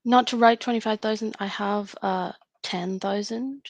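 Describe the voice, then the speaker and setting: A woman's voice: mid-range voice, steady tone, normal speed, no room sound. A woman, hosting a live writing stream and chatting casually as she thinks aloud. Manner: chatty and rambling, thinking aloud between tasks.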